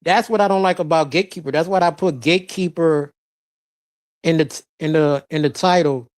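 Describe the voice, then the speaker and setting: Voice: mid-range voice, fairly quick, no room sound. A live-stream host in casual chat, reading out viewer comments and giving blunt opinions between laughs.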